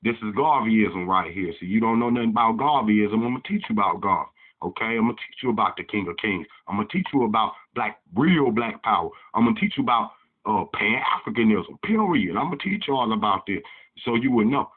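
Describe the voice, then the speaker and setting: A man's voice: on the low side, animated, brisk, husky. Fiery man lecturing over a tinny line. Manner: fiery, preachy, heated rants. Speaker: channel host. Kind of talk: casual lecture to camera. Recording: tinny phone-like sound.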